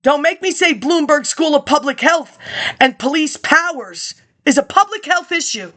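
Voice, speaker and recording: A woman's voice: sits high, lively intonation, normal speed, fairly bright tone. A woman rambling through a monologue, reading old papers aloud and jumping between topics with sarcastic asides.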